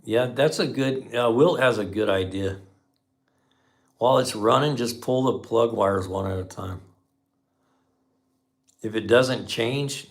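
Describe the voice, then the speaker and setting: Gravelly-voiced folksy mechanic man. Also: medium pitch, slow, pauses often. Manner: folksy storyteller, says man a lot. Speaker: live stream host, mechanic. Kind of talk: casual live chat with viewers.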